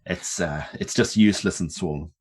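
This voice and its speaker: A man's voice: low-pitched, moderate pace, breathy edge. A man co-hosting a movie podcast, chatting in a laid-back way, swearing and laughing easily. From Northern Ireland. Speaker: podcast co-host. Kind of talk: casual chat.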